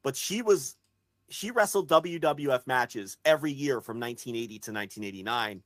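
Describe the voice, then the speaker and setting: Man, podcast co-host, casual chat, excitable, swears, argues point by point, dry studio sound. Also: mid-range voice, a little fast, no room sound. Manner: excitable, swears freely, builds an argument point by point.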